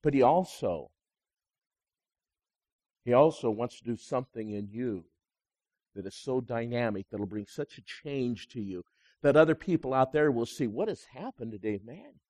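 A man, a pastor, preaching a sermon that swings between loud emphasis and hushed, quiet moments. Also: mid-range voice, normal speed, long pauses.

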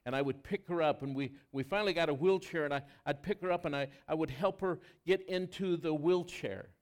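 A man preaching a sermon as pastor, telling personal stories in an earnest, animated way with touches of self-deprecating humor. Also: fairly high pitch, fairly quick, hardly any pauses.

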